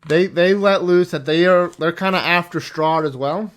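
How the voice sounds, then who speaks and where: A man retells a tabletop session he ran as game master, rambling along and cursing freely. His voice sits a bit higher than most men's. He slips into quick impressions of his players and characters as he goes. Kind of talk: casual storytelling recap.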